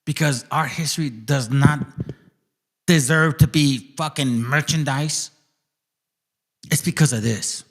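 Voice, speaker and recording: A man's voice: fairly high pitch, slow pace, long pauses. Confrontational man ranting to camera. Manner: confrontational, profane, addresses people directly. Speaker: channel host. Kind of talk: ranting monologue.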